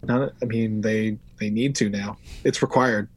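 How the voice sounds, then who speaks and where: A man's voice: lowish voice, fairly even intonation, unhurried, breathy edge, dry recording. A man hosting a casual podcast chat, rambling loosely through his notes and swearing now and then. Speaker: podcast host. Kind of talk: casual wrestling recap chat.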